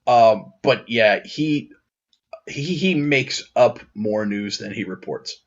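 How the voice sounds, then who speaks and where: A man's voice: mid-range voice, slow, dull audio. Rambling man co-hosting a nerd podcast. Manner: rambling, many restarts and fillers, excitable when riled. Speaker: podcast co-host. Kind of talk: casual chat.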